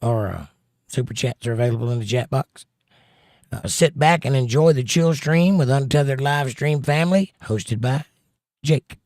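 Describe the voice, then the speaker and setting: A man hosts a casual livestream, reading out viewer comments in a jokey, chatty way and quick to pun. His voice is medium in pitch and a little mellow, captured in a dry, studio-quality recording.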